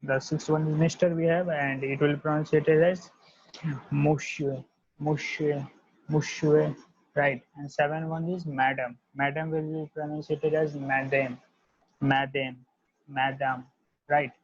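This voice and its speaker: Husky man teaching word by word. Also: on the high side, flat delivery, dry recording. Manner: repeats each word several times, slow and deliberate. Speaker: language teacher. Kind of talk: online language lesson. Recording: dull lo-fi dry audio.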